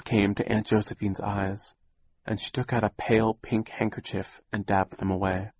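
A man narrating a children's audiobook in a wry, deadpan, measured way. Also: on the low side, husky, dry recording. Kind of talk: scripted narration.

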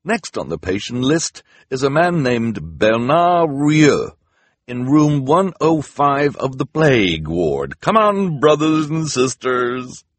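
A grinning male volunteer who preaches cheer in a sugary, lecturing tone, as a man puts him on. The voice is slightly husky and sits close and dry. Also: mid-range voice, sing-song, takes it slowly, dry recording, voice pushed up. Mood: sugary preachy.

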